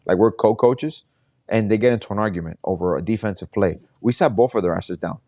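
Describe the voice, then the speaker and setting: A man's voice: fairly low pitch, fairly quick, warm tone, no echo. A middle-aged man co-hosting a casual sports talk show, blunt and slangy. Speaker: podcast co-host.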